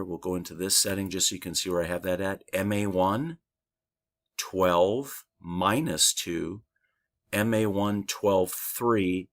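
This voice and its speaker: A man recovering from a lost voice and sore throat, talking loosely through a software tutorial with many fillers. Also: sits low, steady tone, unhurried. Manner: loose, rambling, thinks aloud with fillers. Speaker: trading software instructor. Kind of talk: casual screen-share tutorial.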